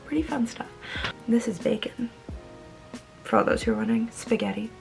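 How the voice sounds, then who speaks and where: A young woman, an online English teacher, explaining in a casual, bubbly, animated way and acting out words. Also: fairly high pitch, moderate pace, gravelly, music in the background.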